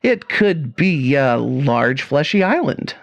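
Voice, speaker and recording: A woman voicing an earnest male army major who speaks in a measured, deliberate way. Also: extremely low pitch, big pitch swings, vocal fry, no room sound, muffled recording, heavily acted.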